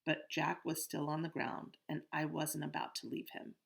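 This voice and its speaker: A woman reading a children's novel aloud in steady, first-person storytelling. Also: low voice, moderate pace, creaky. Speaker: audiobook narrator. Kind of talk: scripted first-person narration.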